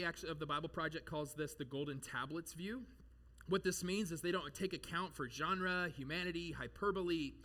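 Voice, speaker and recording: A man delivers a lively sermon, tossing out rhetorical questions and light jokes. His voice sits a bit high and rings bright and forceful. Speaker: pastor.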